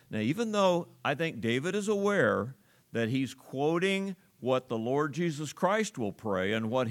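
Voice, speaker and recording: A man preaching a sermon in a church, reading scripture slowly with strong emphasis and then explaining it in a conversational way. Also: mid-range voice. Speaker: pastor.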